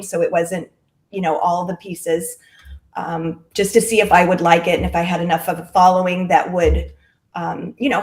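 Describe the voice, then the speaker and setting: A middle-aged woman, a direct-sales clothing stylist, chatting casually in an interview with lots of fillers. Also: on the low side. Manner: chatty and friendly, with frequent fillers. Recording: roomy echo.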